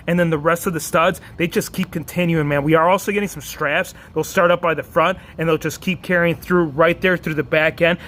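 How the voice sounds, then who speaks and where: A man's voice: high-pitched, fairly bright tone. A man casually reviewing action figures, chatty and enthusiastic, often tacking "man" onto his lines.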